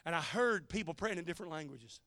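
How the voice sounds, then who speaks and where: A man's voice: fairly high pitch, animated, fast, pushed and bright, dry recording, clean studio sound. A man preaching a sermon, telling a story in a folksy, emotional way with joking asides. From United States.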